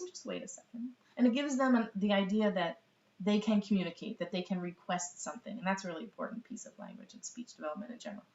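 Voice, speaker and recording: A middle-aged woman teaching baby sign language in a casual, chatty live lesson, laughing often and full of ums. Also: medium pitch. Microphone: webcam. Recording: roomy, distant, dull webcam audio.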